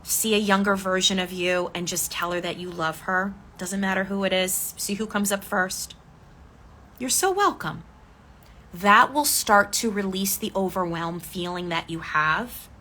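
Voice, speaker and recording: A woman speaking as a decluttering coach in a live coaching talk, gently guiding listeners through reflection and answering their comments. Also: medium pitch, fairly even intonation, normal speed, hardly any pauses. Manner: gentle, inviting, reads viewer comments aloud.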